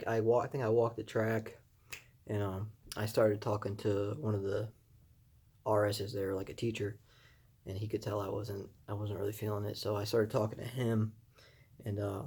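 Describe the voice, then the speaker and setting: A young man talks through a personal story in a loose, unscripted way, circling back with fillers and quoted asides. His voice sits low and sounds mellow and warm, and he stays earnest, with small laughs at his own expense. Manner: rambling, many fillers and "I was like" asides, earnest; laughs softly at himself. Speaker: vlogger sharing his recovery story.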